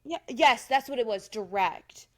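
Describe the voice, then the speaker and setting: A woman co-hosting a podcast, talking candidly and a little indignantly, slipping into mocking voices to quote people. Her voice sits a touch on the high side. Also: animated, unhurried, a bit bright. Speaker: podcast co-host. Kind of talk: casual chat recapping a reality show.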